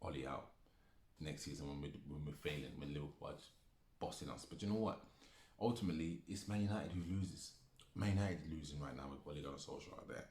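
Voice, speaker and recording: Deep-voiced man in a heated football rant. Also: fast, dark tone. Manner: repetitive, heated, swearing. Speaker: football fan commentator. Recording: echoey room.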